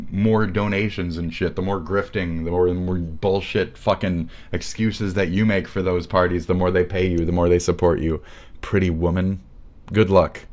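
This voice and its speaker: A man streaming live and ranting, sarcastic and mocking, with heavy swearing. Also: low-pitched.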